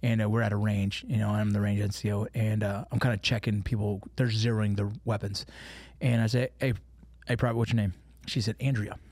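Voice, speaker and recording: A man in his forties telling army stories in a casual, profane, animated way as a podcast guest. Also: fairly low pitch, fairly quick, slightly rough, no room sound. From United States. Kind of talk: casual interview chat.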